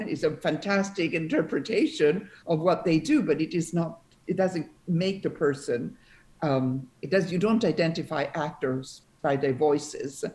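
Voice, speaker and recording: Mellow-voiced woman, musing. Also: sits low. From Italy. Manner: reflective, searching for words with frequent restarts. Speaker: podcast guest. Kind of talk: conversational interview.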